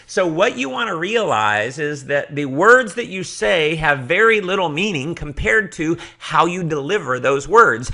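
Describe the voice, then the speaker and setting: A man's voice: fairly high pitch, sing-song, measured pace, few pauses, bright, forceful tone. A middle-aged man giving a motivational sales training talk, passionate and emphatic, hammering his points with repeated phrases. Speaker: network marketing trainer.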